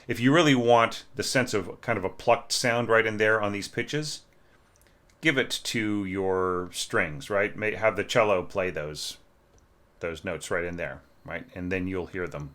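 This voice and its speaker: A man teaching orchestration, talking through a student's score in a relaxed, conversational way, often asking "right?" and singing phrases on syllables. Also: fairly low pitch, unhurried. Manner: conversational, keeps checking with "right?", sings phrases as "da, da" and "bum, bum". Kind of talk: informal music lesson.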